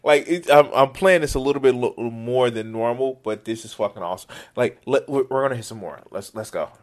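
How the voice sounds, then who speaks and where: A man giving casual, profane reaction commentary on a video, excitable and laughing often. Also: medium pitch, brisk.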